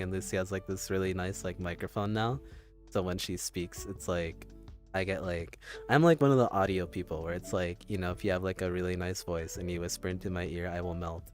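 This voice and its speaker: A man with a lowish voice chats casually as co-host of a podcast, rambling on and poking fun at himself. Faint music plays underneath. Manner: rambling, self-mocking, laughs often. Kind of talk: casual chat.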